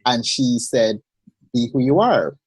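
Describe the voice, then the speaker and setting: Husky-voiced man telling stories. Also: mid-range voice, no room sound. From Jamaica. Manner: measured, expressive storyteller. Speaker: podcast guest. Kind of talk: personal storytelling in a casual interview. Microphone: video call.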